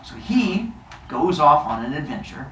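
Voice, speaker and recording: Animated man retelling myths to a class. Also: fairly high pitch, unhurried, roomy sound, recorded from a distance, slight background noise. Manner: animated, jokey retelling with asides. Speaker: teacher and storyteller. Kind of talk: casual myth storytelling to a class.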